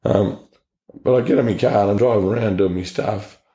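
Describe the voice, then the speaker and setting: Australian man, low gravelly voice, warm dark tone, echoey room, blunt testimony. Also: brisk. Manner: blunt, earnest storytelling with slang. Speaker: interview guest. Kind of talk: personal testimony.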